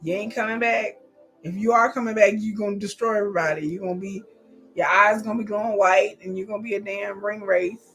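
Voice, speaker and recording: A woman streamer reacting in casual, animated chat, profane and laughing often. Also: medium pitch, a little fast, soft background music. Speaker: streamer hosting a live watch.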